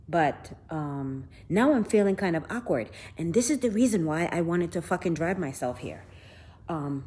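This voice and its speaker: A woman's voice: low voice, a little mellow, a little hiss or hum. A woman in her fifties filming a live tour of a large house on her handheld phone, talking bluntly and profanely to her viewers. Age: 50s. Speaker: vlogger.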